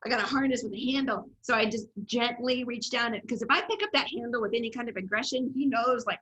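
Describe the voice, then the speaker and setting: A woman development coach giving an upbeat, animated presentation on a video call, telling stories to her class. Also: on the high side, fast talker, few pauses, rough recording.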